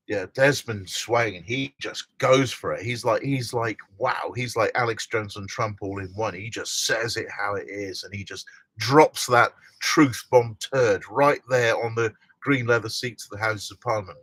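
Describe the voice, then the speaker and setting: A man's voice: lowish voice, normal speed, a bit bright, dry recording. A middle-aged man hosting a casual live stream from inside a motorhome, chatting and reading out viewer comments with frequent laughs.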